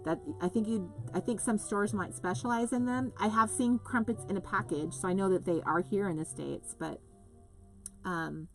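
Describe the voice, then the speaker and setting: A woman's voice: medium pitch, moderate pace, soft background music. A woman from the US West Coast hosting a live craft stream, chatting casually and reading out viewer comments in a rambling, gushing way.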